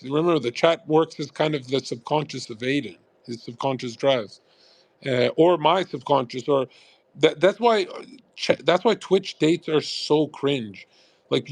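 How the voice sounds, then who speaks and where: Gravelly profane streamer ranting. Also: male voice, fairly high pitch, no echo. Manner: blunt, profane, rambling. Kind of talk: casual livestream rant. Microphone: USB condenser mic.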